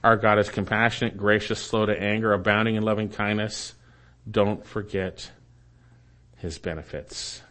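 A pastor preaching a sermon with emphatic repetition, swinging from loud exclamations down to a hushed, quiet close. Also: male voice, lowish voice, fairly even intonation, moderate pace. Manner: emphatic preaching, rising to exclaim then dropping to a hush; repeats phrases for emphasis.

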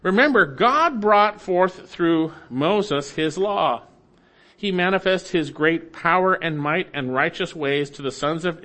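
A pastor preaches a sermon, working through scripture verse by verse. His delivery swings between emphatic rises and quiet, low endings.

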